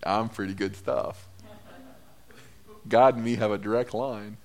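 A middle-aged man, a priest, preaching a sermon, telling the story with lively asides and acting out the voices of the people in it. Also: on the low side, a little slow.

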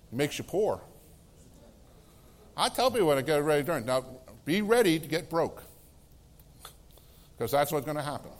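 Middle-aged male pastor, somewhat higher voice, preaching, laughs, sudden shouts and quiet asides. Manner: swings from loud exclamations to hushed, soft tones; laughs between phrases, conversational preaching. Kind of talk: sermon.

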